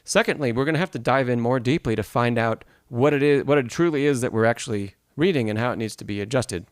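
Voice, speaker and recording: A man's voice: mid-range voice, quick pace, clean tone, no room sound. Dry-sounding male piano teacher. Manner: explanatory, reads and answers chat, sings rhythms. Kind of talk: live-streamed masterclass.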